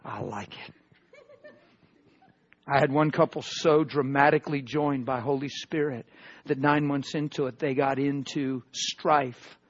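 A man preaching a personal testimony sermon, emotional, swinging between loud outbursts and hushed tones. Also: medium pitch, lo-fi sound.

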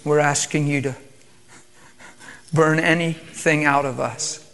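A man leads a sermon in a hushed, reverent manner, calm and subdued. His voice sits a little higher than most men's. He drifts in and out of prayer. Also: takes it slowly, vocal fry. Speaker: preacher.

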